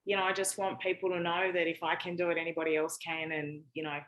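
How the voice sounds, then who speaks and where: A woman's voice: fairly low pitch, little pitch movement, fast talker, a bit bright, low-quality recording. A woman from Australia with an Australian accent, a podcast guest talking in a chatty, frank way with lots of fillers. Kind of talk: casual interview chat.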